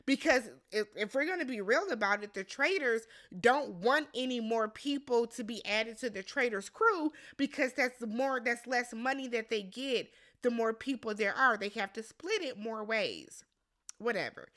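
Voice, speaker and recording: Sassy high-voiced woman recapping reality TV. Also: animated, normal speed, fairly bright tone. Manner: blunt, sassy, swearing freely; acts out quotes with big pitch jumps. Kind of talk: casual recap commentary.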